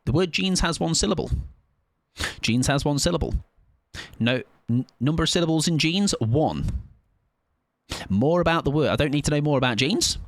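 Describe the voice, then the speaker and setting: A man in his late twenties holds a casual live-stream chat with his viewers, his pitch swinging about animatedly. He is playful and argumentative, repeating words over and over to test how they sound. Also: animated, normal speed, dry recording. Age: late 20s. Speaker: game streamer.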